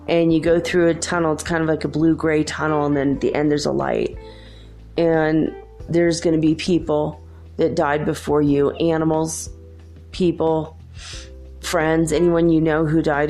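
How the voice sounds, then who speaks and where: Low-voiced woman telling a reassuring spiritual story. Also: warm tone. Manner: earnest and reassuring, many fillers like "like" and "you know". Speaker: podcast host.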